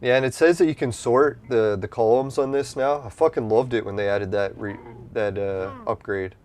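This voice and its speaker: A man's voice: mid-range voice, moderate pace, darkish tone, slight background noise. A man casually commenting while playing an online game, rambling and swearing freely, with a slightly stuffy nose from allergies. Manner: rambling, profane, easygoing. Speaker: gameplay streamer.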